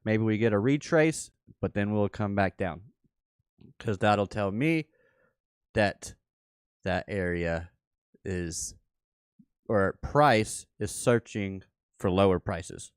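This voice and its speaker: A man hosts a livestreamed trading workshop. He thinks aloud at an unhurried pace in a lowish voice, often stopping to correct himself. His voice sounds close and dry, with no room around it. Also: smooth, dry recording. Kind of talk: livestream chart walkthrough.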